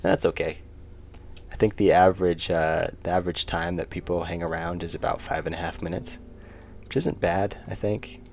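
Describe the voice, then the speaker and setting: A gravelly-voiced man, an indie game developer, chats casually on a livestream while he draws, speaking flatly at a normal pace. He's low-key and often mutters to himself as he works. Faint music plays behind him, with slight background noise.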